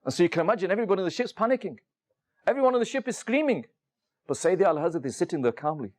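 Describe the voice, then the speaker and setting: A man's voice: high-pitched, lively intonation, rapid-fire, darkish tone. A man preaching a sermon to a room of listeners, telling stories and asking many rhetorical questions, with frequent "you know" fillers. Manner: storytelling, addresses the audience directly with many rhetorical questions. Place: room with a seated audience.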